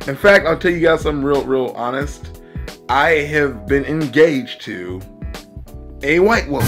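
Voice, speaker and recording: A man's voice: mid-range voice, lively intonation, moderate pace, a bit bright, faint music behind. A man hosting his own vlog, telling a story to camera in a casual, emphatic way with joking asides. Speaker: vlogger host.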